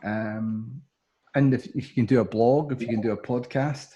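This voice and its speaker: A man's voice: mid-range voice, fairly even intonation, moderate pace, dark tone, muffled recording. A middle-aged Scottish man, a sports TV presenter guesting on a podcast, telling humorous stories with many ums and restarts. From Scotland. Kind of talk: casual anecdotal storytelling.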